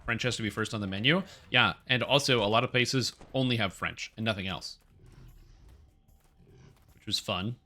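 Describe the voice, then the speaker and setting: A man's voice: lowish voice, normal speed, pauses often, pushed and bright. A man from Canada, a game streamer, chatting casually and rambling with lots of fillers and restarts. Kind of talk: casual gaming stream chat.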